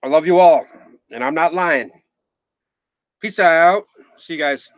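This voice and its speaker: Rambling and joking on a live stream, a Minnesotan man in his forties swears occasionally and thanks viewers by name in his regional accent. His voice is fairly high and unhurried, with no echo, and the sound is slightly muffled and dull.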